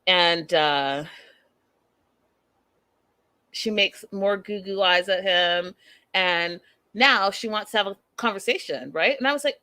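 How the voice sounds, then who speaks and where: A woman's voice: medium pitch, slow, pauses often, sharp tone, dry recording. A woman hosting a live recap show, talking straight to her viewers in a chatty, amused way.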